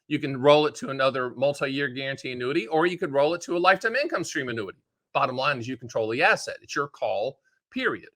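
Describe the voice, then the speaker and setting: A man hosting his own show about annuities, explaining in a casual, folksy way with joking asides and quick put-on voices. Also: medium pitch, expressive, a bit bright. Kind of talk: casual direct-to-camera explainer.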